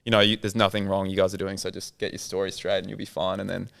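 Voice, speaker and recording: An excitable man tells a story as a podcast guest, leaning on "like" throughout. He talks fast, and his somewhat low voice sounds smooth. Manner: excitable, heavy on "like". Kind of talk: casual storytelling.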